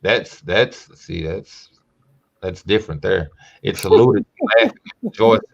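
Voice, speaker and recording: A man hosting a podcast who reads a scripture text aloud slowly and emphatically, breaking off for casual asides. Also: low-pitched, big pitch swings, creaky, breathy edge, muffled recording. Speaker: podcast host.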